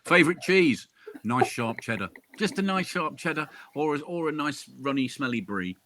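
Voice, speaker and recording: A man's voice: on the high side, expressive, normal speed, background noise. A man, a crime author chatting casually as an interview guest, with jokey asides and frequent restarts. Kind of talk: casual chat.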